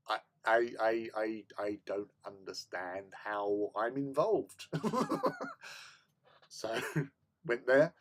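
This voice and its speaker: A man's voice: fairly low pitch, slow pace. A man, hosting a casual hobby stream, tells a story with lots of laughter and stammered repeats. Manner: animated, laughs often, stammers and repeats words. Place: home hobby room.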